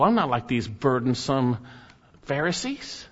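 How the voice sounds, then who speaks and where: A man's voice: medium pitch, animated, normal speed, a bit bright. A man preaching an expository sermon, earnest and emphatic, pressing his points with rising and falling intensity. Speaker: pastor. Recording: muffled, with long hall reverb.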